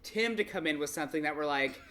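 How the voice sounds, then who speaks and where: A man's voice: a little high, lively intonation, quick pace, bright, forceful tone. A man, an actor guest, chatting casually and acting out quotes. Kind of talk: casual roundtable chat.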